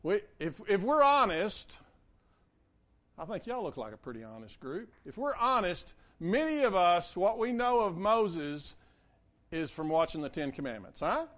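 A man's voice: high-pitched, a little slow. A man preaching a conversational sermon, acting out the quotes he reads. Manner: conversational, animated, acts out quotes. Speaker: pastor.

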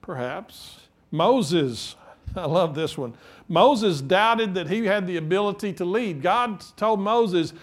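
A man preaching a sermon, lively and animated, acting out scripture quotes in different voices and laughing between points. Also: sits high, slow pace. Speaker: pastor.

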